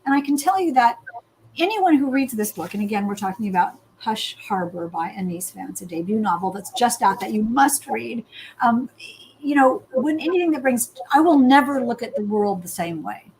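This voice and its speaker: A woman hosting a book interview. Her voice is a little higher than most. She speaks with effusive, emphatic praise over a faint background hiss. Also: expressive, moderate pace, a little mellow, low-quality recording. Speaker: interview host.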